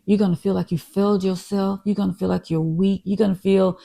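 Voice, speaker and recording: Woman co-host with a gravelly edge, middle pitch, affirming and supportive podcast talk. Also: fairly even intonation, a little fast. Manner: warm, encouraging, affirming, calls listeners "y'all" and co-host "baby". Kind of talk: casual podcast chat.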